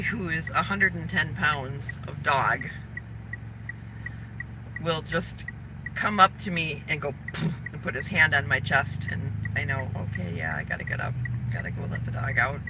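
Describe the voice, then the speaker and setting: A woman chatting casually on a livestream while driving, holding her phone camera, telling animated stories. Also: low-pitched, unhurried, pauses often. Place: inside a car on a freeway. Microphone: phone camera held in hand. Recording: loud road and car noise.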